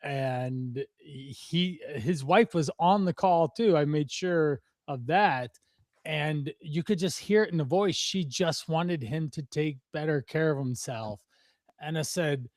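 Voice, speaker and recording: A man hosting a conversational interview as a fitness coach, relaxed and agreeable, laughing easily. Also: fairly high pitch, slow, no room sound, clean studio sound. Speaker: host, nutrition and fitness coach.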